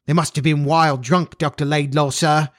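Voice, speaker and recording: A man voicing a flustered, excitable housekeeper woman who talks breathlessly in rough, ungrammatical speech. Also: fairly high pitch, normal speed, dry recording, studio quality, voice pushed up, natural voice.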